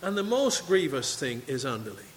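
A man's voice: mid-range voice, big pitch swings, normal speed, long reverb tail, a little hiss or hum, low-quality recording. A man preaching a sermon to his congregation, reading scripture and asking questions. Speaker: pastor. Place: church sanctuary.

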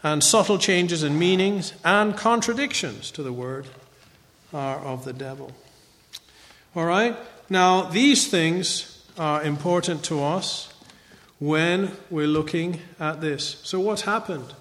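A man's voice: on the high side, animated, slow pace, fairly bright tone, long reverb tail. A man giving a conversational Bible teaching lecture, often checking in with a rhetorical "right?".

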